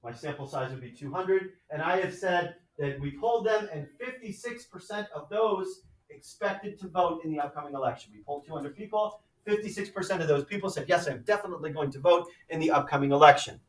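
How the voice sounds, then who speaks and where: A man teaching a high school math class, lecturing conversationally and often checking in with "right?" and "okay?". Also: lively intonation, fairly quick, far from the mic. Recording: echoey classroom, mic from afar.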